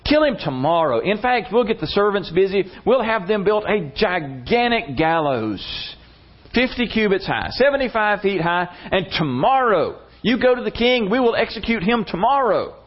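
A man voicing a ruthless wife urging her husband on, in a high, commanding tone on a dull lo-fi recording. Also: very animated, normal speed. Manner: urgent, commanding. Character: ruthless scheming wife of an official.

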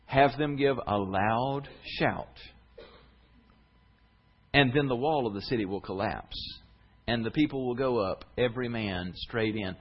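A man voicing God, who calmly gives plain, matter-of-fact instructions in a sermon. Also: mid-range voice, measured pace, dull audio, lightly acted. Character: God giving a calm battle plan.

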